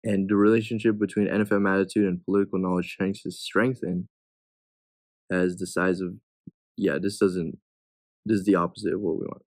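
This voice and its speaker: Low-voiced young man tutoring, thinking aloud. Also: flat delivery, a little fast, a little mellow, no echo. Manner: thinks aloud, reading answer choices and judging them. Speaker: test prep tutor. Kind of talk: casual explanation of test questions.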